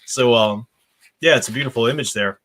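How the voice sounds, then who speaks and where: American male host, book discussion, reads the lines with animated voices. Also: medium pitch, fairly quick. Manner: reads dialogue with lively expressive voices. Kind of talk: reading aloud and discussing a novel.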